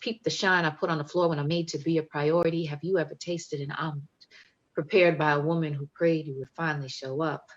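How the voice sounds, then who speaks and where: A woman poet reads her poems with emphatic, playful delivery and chats between them over a video call. She has a low-pitched voice with a steady tone and speaks fast, and the audio sounds dull.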